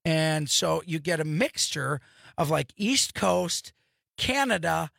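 Gravelly, bright-voiced male radio host. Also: on the high side, expressive, takes it slowly, dry recording, studio quality. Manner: enthusiastic, rambling storyteller. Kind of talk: casual radio chat. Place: radio studio.

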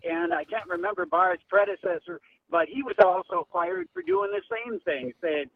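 A man calling in to a radio talk show, halting with many fillers. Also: high voice, sing-song, creaky, dry recording. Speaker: caller. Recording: phone line.

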